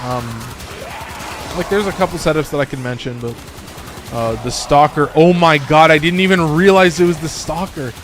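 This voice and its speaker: A man's voice: a little high, normal speed, noisy background. A man streaming a game, talking casually with lots of fillers and restarts. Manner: rambling, full of fillers and restarts. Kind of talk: casual gameplay commentary.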